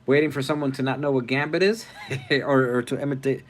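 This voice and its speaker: A man hosting a casual live stream, reading viewer comments aloud, rambling and thinking out loud as he goes. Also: medium pitch, fairly even intonation, fairly quick, slight background noise. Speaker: livestream host.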